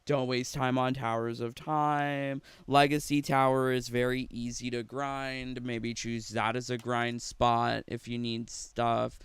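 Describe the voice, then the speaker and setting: Chatty man with a smooth voice. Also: medium pitch, flat delivery, slow, hardly any pauses, dry recording. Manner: chatty and rambling, laughs often between remarks. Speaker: gaming streamer. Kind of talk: casual chat with live viewers.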